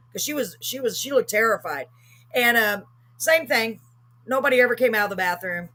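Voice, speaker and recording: Animated woman host, bright husky voice. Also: on the high side, fast. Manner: animated, emphatic storytelling with acted-out quotes. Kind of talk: casual storytelling on a live show.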